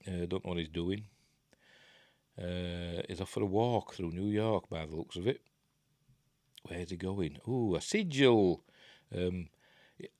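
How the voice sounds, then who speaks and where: A Yorkshire man with a very low voice talks over a film in a loose, rambling way, tossing in jokey asides. The sound is close and dry, with no room around it. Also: no room sound. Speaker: film reviewer. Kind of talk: casual film commentary.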